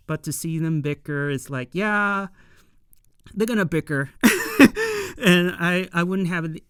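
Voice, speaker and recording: Slow, smooth-voiced rambling show reviewer. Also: mid-range voice, a bit bright, no room sound, clean studio sound. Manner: rambling, heavy fillers, loosely paraphrases scenes. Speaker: episode reviewer. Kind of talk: casual episode recap.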